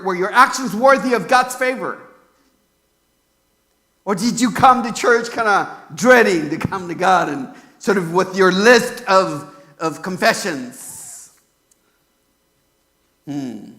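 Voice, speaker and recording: A man from California preaches in an unusually high voice with a bright, forceful edge. He talks conversationally, with lots of fillers and rhetorical questions aimed at the congregation. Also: lively intonation, takes it slowly. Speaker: pastor. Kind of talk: sermon.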